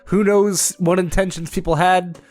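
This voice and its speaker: A man's voice: high-pitched, little pitch movement, normal speed, a little mellow. A young man with a congested, sore-throated voice, chatting casually as he hosts a let's-play of a game. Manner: rambling, chatty, many filler words. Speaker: gaming channel host.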